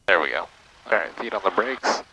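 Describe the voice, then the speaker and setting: A man instructing a student pilot in a small plane cockpit, giving short relaxed directions over a headset. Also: low-pitched, a little fast, husky, poor audio. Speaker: flight instructor.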